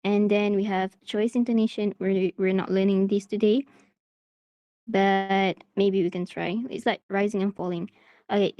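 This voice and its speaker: Brief: woman teacher, from Malaysia, online class, soft mellow tone, dry sound, hesitant with fillers. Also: medium pitch, steady tone, moderate pace, dry recording. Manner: hesitant, many fillers and restarts. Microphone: video call.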